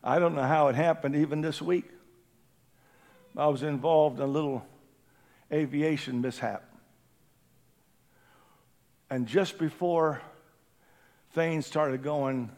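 A man preaching a sermon in a church, impassioned, swinging from hushed tones to shouting. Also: mid-range voice. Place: church building during a service.

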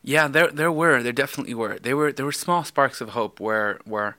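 A man's voice: mid-range voice, brisk, sharp tone, no echo. A man co-hosting a relationship podcast, talking in casual chat with an earnest, advising manner that often repeats words. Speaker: podcast co-host.

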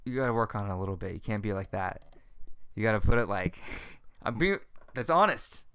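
A man's voice: lowish voice, animated, a little fast, a bit bright, clear, resonant tone. A young man co-hosting a casual podcast chat, laughing, joking and swearing freely. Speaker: podcast co-host.

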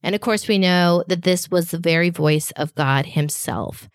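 A woman hosting a children's faith podcast, speaking directly to kids in a slow, emphatic teaching voice. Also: on the low side, no room sound, studio quality. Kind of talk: scripted faith lesson for children. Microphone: podcast microphone.

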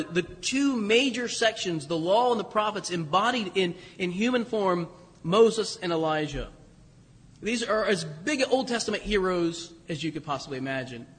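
Man, high voice, sermon, chatty priest, long church reverb. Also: a bit bright, husky. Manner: conversational, self-deprecating, with restarts and asides.

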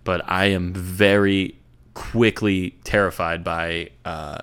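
A man's voice: sits low, level tone, slow, a bit bright, smooth. A young man chatting casually about sports on a podcast, laid-back and profane, with lots of fillers and restarts. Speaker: podcast co-host.

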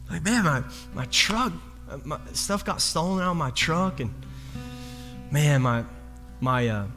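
Animated, self-deprecating pastor, bright voice. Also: male voice, medium pitch. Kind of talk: storytelling sermon. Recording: long hall reverb with faint guitar.

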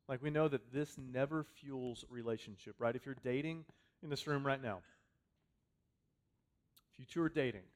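A pastor preaching a sermon to his congregation, talking conversationally and repeating phrases for emphasis, swinging from loud to quiet. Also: medium pitch. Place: church hall with a congregation.

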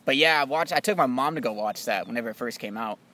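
Fast-talking young man chatting casually. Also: mid-range voice, bright, forceful tone. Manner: fast, loose, swears casually, says dude and bro. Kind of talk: casual chat about movies.

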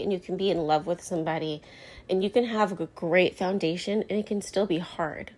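A woman in her thirties hosting her own podcast, talking candidly with lots of fillers, tired and close to tears. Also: lowish voice. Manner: candid, rambling, many fillers like "you know" and "like". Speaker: podcast host. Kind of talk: candid solo podcast talk.

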